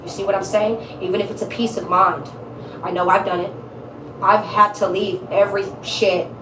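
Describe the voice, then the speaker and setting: A woman's voice: medium pitch, level tone, moderate pace, reverberant, recorded from a distance, background noise. A woman giving a casual tarot reading, blunt, emphatic and profane, repeating her points for stress. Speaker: tarot reader.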